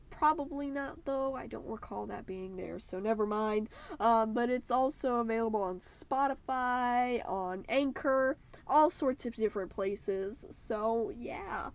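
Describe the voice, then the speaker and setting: A woman hosting her art channel, giving a casual, enthusiastic voice-over that rambles with many ums and slips into a playful put-on accent. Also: fairly high pitch. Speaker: YouTube art channel host.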